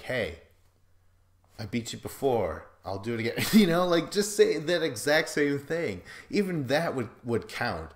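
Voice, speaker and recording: A man hosting a podcast, recapping a reality show in a loose, profane, joking way, full of fillers and quoted asides. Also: mid-range voice. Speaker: podcast host. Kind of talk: casual recap chat.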